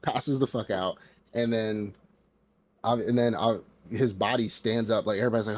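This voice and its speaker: A man's voice: on the low side, steady tone, moderate pace. An American man co-hosting a podcast, casually and animatedly retelling a film scene, leaning hard on "like" and slipping into acted quotes. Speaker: podcast co-host. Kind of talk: casual podcast review chat.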